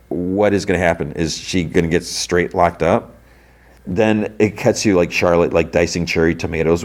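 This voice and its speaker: A man's voice: low-pitched, darkish tone. A man hosting a podcast, retelling a TV episode in a loose, rambling way full of filler words. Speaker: podcast host. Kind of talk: casual TV episode recap.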